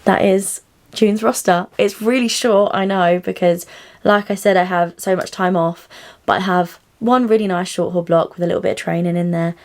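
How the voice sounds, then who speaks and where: A young woman who works as cabin crew, chatting excitedly to camera in a casual vlog. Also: lowish voice, moderate pace. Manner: bubbly and chatty, often squealing with excitement.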